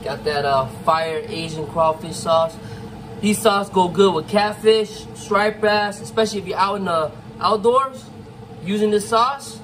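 A middle-aged man casually talking viewers through cooking crawfish outdoors, savoring the food with drawn-out mms. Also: high voice, background noise. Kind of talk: casual cooking vlog talk. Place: outdoors at a campsite.

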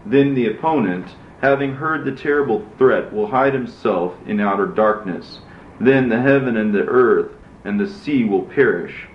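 A man voicing God as a stern male divine judge, in a measured, solemn reading. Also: mid-range voice, expressive, slight background noise, close to an everyday voice. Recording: roomy, dull lo-fi recording.

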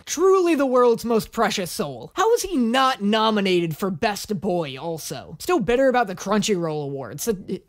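Male reaction host, sarcastic and profane, with a lively, swinging voice. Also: high voice, moderate pace, hardly any pauses. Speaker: anime reaction YouTuber. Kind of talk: comedic reaction commentary.

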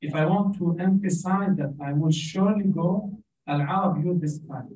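A man's voice: a little high, normal speed, mellow, slight background noise. A man with an Arabic accent, speaking Arabic natively, teaches Quranic Arabic in an informal lecture, earnestly restarting his phrases as he goes. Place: community center hall. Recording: echoey hall, from far off.

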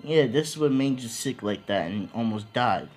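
A man's voice: medium pitch, animated, moderate pace, darkish tone, breathy edge, faint music behind. A man voicing a stern doctor in his own voice, firm and scolding.

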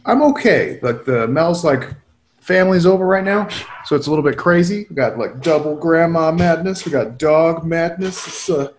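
A man's voice: a little high, lively intonation, moderate pace, roomy sound, slight background noise. A man co-hosting a webinar, telling stories in a loose, rambling way with lots of filler words, over a video call. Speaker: co-host. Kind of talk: casual chat, storytelling.

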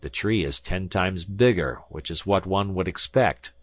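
A man voicing a pompous older male professor, scornful, lecturing, very low voice, dry studio. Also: unhurried, no echo.

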